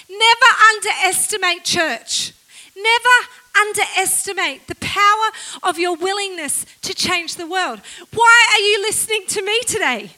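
A woman preaching as a guest speaker at a church service, energetic and exclaiming, leading the congregation in call-and-response. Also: very high voice, normal speed. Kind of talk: sermon.

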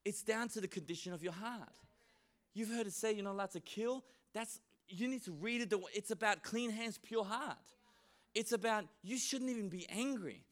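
A man preaching a sermon in a church, lively and humorous, often acting out the voices of the people he quotes. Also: high voice, moderate pace. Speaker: pastor.

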